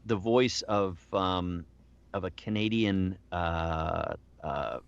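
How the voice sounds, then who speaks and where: A man's voice: low-pitched, takes it slowly, lo-fi sound, slight background noise. A middle-aged man, a voice actor, chatting casually as an interview guest, with lots of restarts and self-deprecating asides.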